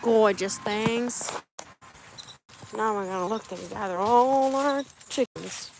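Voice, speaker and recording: Brief: high, unhurried woman vlogger coaxing chickens into a backyard coop, faint birds and outdoor sounds around. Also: darkish tone, a little hiss or hum. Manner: coaxing, talks to her animals. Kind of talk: casual vlog chat.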